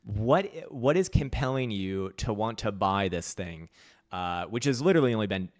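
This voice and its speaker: A man's voice: on the low side, expressive, moderate pace, no room sound, clean studio sound. A man hosting a crypto trading livestream. He answers viewer questions bluntly, swears freely, mocks people, and laughs often. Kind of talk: live-stream commentary reading viewer questions.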